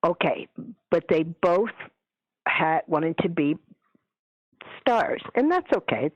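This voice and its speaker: A woman telling stories as a guest in a radio interview, chatty and animated, acting out what people said. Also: on the low side, slow, dry recording. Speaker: guest, paranormal author. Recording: dull lo-fi radio audio.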